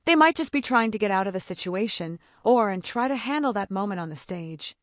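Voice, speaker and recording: A woman's voice: medium pitch, expressive, fairly quick, dry recording, studio quality. A mother of autistic children giving casual advice, chatty and full of "like", acting out the conversations she describes. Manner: chatty, fills speech with "like", acts out quoted dialogue.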